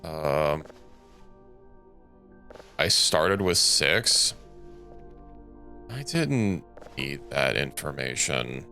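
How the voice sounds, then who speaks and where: Deep gravelly man rambling over gameplay. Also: sing-song, very slow, pauses often, pushed and bright, faint music behind. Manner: rambling, thinks aloud with self-corrections. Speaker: streamer. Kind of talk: casual gameplay commentary.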